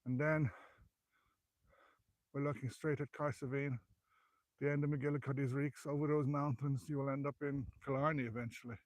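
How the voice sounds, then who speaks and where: A man's voice: mid-range voice, flat delivery, normal speed, pauses often, no room sound. An out-of-breath Irish man giving a chatty, rambling live history tour outdoors, filming on a handheld phone as he climbs. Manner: chatty, rambling, self-correcting. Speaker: local history guide. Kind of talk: live walking history vlog. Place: outdoors on a hillside graveyard. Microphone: handheld phone while climbing.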